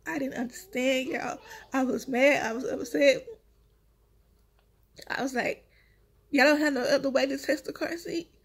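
A woman's voice: high-pitched, fairly even intonation, a little slow, gravelly, pauses often. A woman vlogger, a week after giving birth, telling her story straight to her viewers in a casual, emotional way. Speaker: vlogger, new mother.

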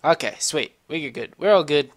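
This gameplay commentator has a fairly high, expressive voice and speaks a little fast. Sitting at his home computer, he rambles through a casual let's-play, cursing often and muttering to himself during the game.

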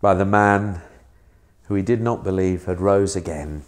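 A man's voice: deep voice, a little slow. A man, a minister giving a sermon in a conversational way, asking the listener questions.

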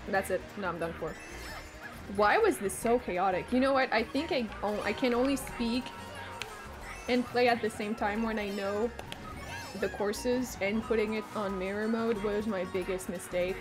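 A woman whose first language is French, streaming a game and chatting casually. She jokes, swears freely and breaks into sudden excited outbursts. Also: mid-range voice, normal speed, music in the background. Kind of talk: casual gaming stream chat.

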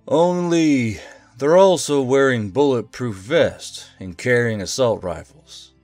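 A male text-to-speech narrator reads a tabletop game story at an even, unhurried clip. His mid-range voice sits dry and close to the mic. Soft music plays faintly behind him. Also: mid-range voice, no echo.

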